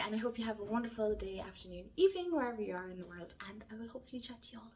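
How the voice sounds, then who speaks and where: An Irish woman talks casually to camera in a relaxed vlog, chatty and effusive with lots of fillers. She sounds moved, close to tears. Her voice sits in a middle pitch. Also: rapid-fire, hardly any pauses. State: emotional, near tears. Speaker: YouTube creator.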